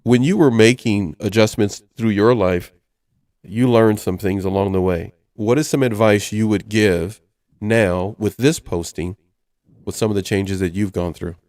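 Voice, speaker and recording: A man's voice: on the low side, unhurried, darkish tone, dry recording, studio quality. A man hosting a casual radio talk show, reading items aloud in a chatty way. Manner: chatty, reads list items aloud, chuckles often. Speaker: host.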